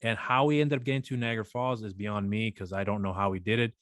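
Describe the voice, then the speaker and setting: A man's voice: fairly low pitch, fairly even intonation, fast talker, fairly bright tone, no echo, studio quality. A man co-hosting a podcast, chatting casually and telling a long rambling story with acted-out voices. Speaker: podcast co-host. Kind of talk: casual chat.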